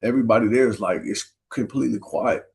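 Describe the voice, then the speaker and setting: A man's voice: on the low side, fast, gravelly, a little mellow. A man guest, retelling a story in an earnest, emotional way, close to tears. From Minneapolis, USA.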